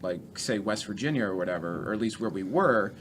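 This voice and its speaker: A stand-up comedian guesting on a podcast tells profane road stories in a casual, animated way. His voice sits on the low side and moves briskly, with a little hiss or hum in the background.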